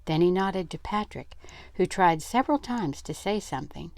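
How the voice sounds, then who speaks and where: A woman's voice: lowish voice, animated, moderate pace, a little mellow, dry recording, clean studio sound. An older woman reading a children's book aloud, stopping for chatty asides. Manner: chatty asides between passages.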